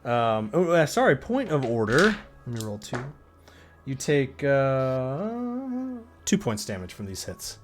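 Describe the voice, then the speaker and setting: Slow, dramatic game master man. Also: mid-range voice, big pitch swings, slight background noise. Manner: slow, dramatic storytelling with laughs. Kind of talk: narrating a tabletop game.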